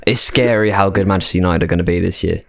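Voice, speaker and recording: A man's voice: low voice, quick pace, creaky, no echo. Blunt podcast guy, dry sound. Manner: blunt, emphatic, repeats himself. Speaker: podcast co-host. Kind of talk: casual chat.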